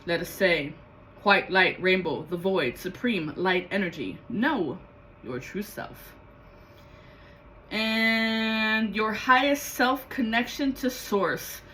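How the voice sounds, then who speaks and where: A woman giving a rambling, excitable spiritual vlog monologue as a card-reading guide, swearing freely. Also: medium pitch, slow pace, a little hiss or hum, low-quality recording.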